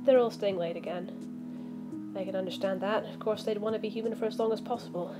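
A woman reading a visual novel aloud as a let's play streamer, voicing the lines and breaking off into animated asides. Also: mid-range voice, fairly quick. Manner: animated, reacts with outbursts and asides. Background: background music.

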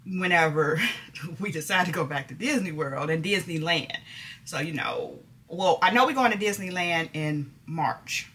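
A woman's voice: low-pitched, a bit bright, breathy edge. A middle-aged woman vlogging casually to camera, chatty and folksy, often laughing as she talks.

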